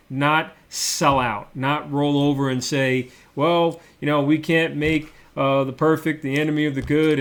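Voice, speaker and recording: A man's voice: medium pitch, fairly bright tone. A middle-aged man and former mayor walking through slides in an explanatory policy talk, repeating words for emphasis with frequent fillers. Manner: repetitive, emphatic, many fillers.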